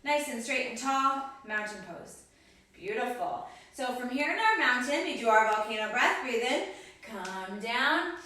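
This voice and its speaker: Bright, slow-paced woman leading kids yoga. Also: on the high side, animated. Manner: encouraging, cueing breaths and counting down. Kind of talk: guided kids yoga class. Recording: echoey room, voice from a distance.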